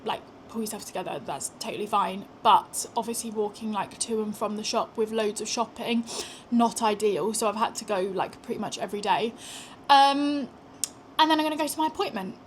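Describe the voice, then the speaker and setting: This vlogger is a young British woman who is pregnant, talking casually into a small handheld gimbal camera indoors at home and outdoors on walks, with self-deprecating asides. Her delivery is brisk and her pitch medium, over slight background noise.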